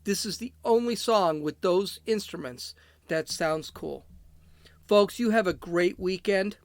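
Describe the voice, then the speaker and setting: A man's voice: sits high, measured pace, dry recording. A middle-aged man from Chicago hosting his own solo podcast, rambling, blunt and opinionated, often breaking off mid-sentence. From Chicago, USA. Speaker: podcast host.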